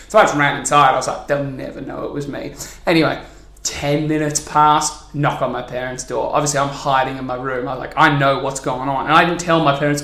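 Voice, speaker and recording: A young man, his voice sitting a little high, tells a story with plenty of swearing and laughter. He acts out the other people in it. The room has a clear echo. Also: normal speed, a bit bright. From New Zealand. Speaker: podcast host. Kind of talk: casual storytelling chat. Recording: echoey room.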